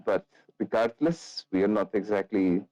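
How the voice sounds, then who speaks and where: A man's voice: lowish voice, fairly even intonation, normal speed, warm tone, natural voice. A man voicing a modest, reluctant young noblewoman who speaks hesitantly. The recording sounds dull and lo-fi.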